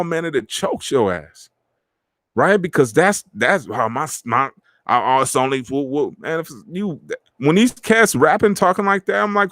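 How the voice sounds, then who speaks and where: A middle-aged man hosting a podcast, talking in animated street slang and acting out the friends he quotes. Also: mid-range voice, no room sound, clean studio sound. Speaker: podcast host. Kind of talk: casual motivational talk.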